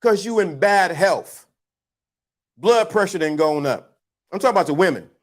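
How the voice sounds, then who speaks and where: A man's voice: high-pitched, animated, moderate pace. A man hosting a livestream, giving his blunt, preachy, teasing opinions to the chat in a casual, slangy way. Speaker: livestream host.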